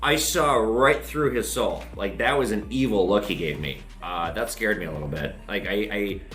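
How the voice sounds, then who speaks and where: A man hosting from his pawn shop counter, who tells stories in a loose, profane and animated way. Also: fairly low pitch, normal speed, soft background music. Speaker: pawn shop owner and show host. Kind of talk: casual monologue to camera.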